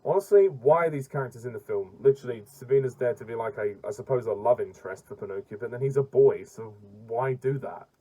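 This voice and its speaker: A man's voice: medium pitch, fast, hardly any pauses, warm tone, rough recording. Exasperated man ranting about a film. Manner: blunt and exasperated, with frequent restarts and stumbles. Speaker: film reviewer. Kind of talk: casual movie rant.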